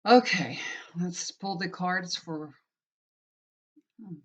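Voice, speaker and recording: A woman's voice: deep voice, moderate pace, a bit bright. A woman in her fifties, a tarot reader, telling a rambling personal story in a chatty, casual way. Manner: chatty, rambling, frequent "you know". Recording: dull lo-fi recording.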